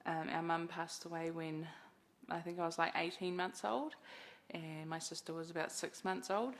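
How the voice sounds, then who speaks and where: Low, gravelly New Zealand woman. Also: fairly even intonation, moderate pace. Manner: frank and casual. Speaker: interviewee. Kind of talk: documentary interview.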